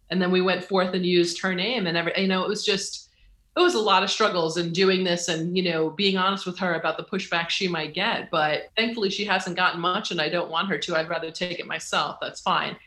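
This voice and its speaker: An author as an interview guest, telling stories in lively conversation and acting out the voices of the people they quote. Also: mid-range voice, fast talker, roomy sound. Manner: lively, acts out quoted voices, laughs often. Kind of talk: animated storytelling in conversation.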